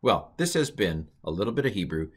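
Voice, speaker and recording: A man teaching a recorded language lesson in an informal, lively way, pausing to restart and make asides. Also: low voice.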